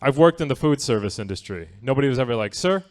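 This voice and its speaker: Wry male stand-up comic, mid-pitched voice. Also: animated, fast. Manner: conversational, wry, asks the audience "right?". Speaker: stand-up comedian. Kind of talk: stand-up comedy set. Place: comedy theatre stage.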